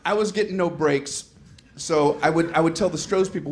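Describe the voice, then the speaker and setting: Middle-aged guy doing standup on stage, kinda high voice, jumps into little character voices, faint room hiss. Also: fairly quick. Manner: animated storytelling, acts out voices and exasperated asides. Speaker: stand-up comedian. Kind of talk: stand-up routine. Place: comedy stage with audience laughter. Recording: live show with faint room noise.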